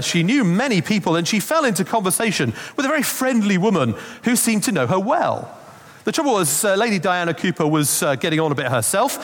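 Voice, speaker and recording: Preacher with a lively voice. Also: male voice, high-pitched. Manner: conversational storytelling with asides. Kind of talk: Christmas sermon. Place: church. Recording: long reverb of a church hall.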